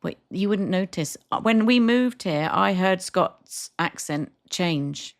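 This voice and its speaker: A woman co-hosts a casual chat with a low, gravelly voice that slips into fry. She rambles, laughs a lot and teases herself as she talks. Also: animated, slow. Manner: self-mocking, rambling, laughs often. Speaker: podcast co-host.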